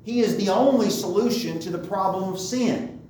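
A man with a high-pitched, dark-toned voice preaches a sermon at a moderate pace, emphatically repeating key phrases to drive his points home. The mic sits far off in a very echoey room, with slight background noise.

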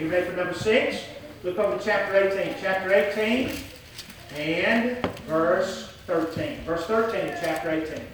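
A man's voice: high voice, a bit bright, a little hiss or hum. A man preaching a sermon in an emphatic way. He repeats key phrases and jokes with the congregation. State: hot and sweating. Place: large church hall. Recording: echoey hall, voice from far off.

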